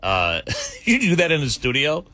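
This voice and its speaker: Bright, jokey male radio host. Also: fairly high pitch, moderate pace, no room sound. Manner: energetic, jokey, laughs often. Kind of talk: radio interview.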